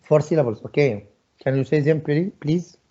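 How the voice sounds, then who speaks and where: A man's voice: a little high, moderate pace, mellow, muffled recording. A male English teacher leading an online class, patiently repeating his questions to students. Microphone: video call.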